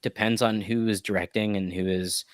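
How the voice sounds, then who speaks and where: A man's voice: lowish voice, steady tone, normal speed, dry recording, clean studio sound. A man co-hosting a podcast, talking casually about anime with plenty of fillers and restarts. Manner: rambling, hedging with many fillers. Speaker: podcast co-host.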